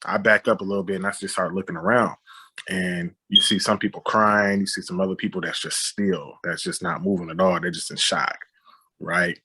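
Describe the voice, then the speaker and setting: In an interview, a director and writer tells a story in a lively, conversational way, complete with gunshot sounds and quoted dialogue. His low, husky voice carries a bright, forceful edge and runs a little fast.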